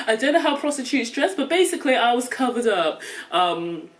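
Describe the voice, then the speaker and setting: A woman's voice: fairly high pitch, sing-song, moderate pace, recorded from a distance, rough recording. A young woman with an English accent, chatting casually to camera for her vlog, loose and full of fillers, laughing often. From England. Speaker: vlogger. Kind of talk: casual chat while eating.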